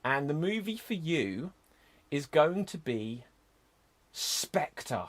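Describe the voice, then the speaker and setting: A man hosting an online improv show, explaining games in a brisk, chatty way. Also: on the high side, big pitch swings, slight background noise.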